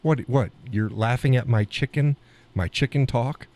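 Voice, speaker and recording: An American man hosts a live stream, chatting casually in a rambling, folksy way. His mid-range voice has a darkish tone and a moderate pace.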